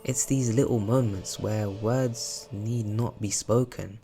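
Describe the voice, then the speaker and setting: A man's voice: lowish voice, steady tone, slow, warm tone. A young man giving casual, reflective analytical commentary on a video game series. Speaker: video essayist. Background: background music.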